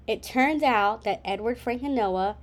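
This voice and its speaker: A woman's voice: fairly high pitch, measured pace. A young woman narrating a friend's travel story in a wry, teasing way. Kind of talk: scripted narration.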